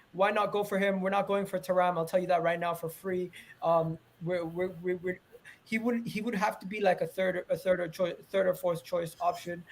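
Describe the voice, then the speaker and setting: High-voiced man hosting football chat. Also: a little hiss or hum. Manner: animated, talks over others, asks the audience to engage. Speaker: podcast host.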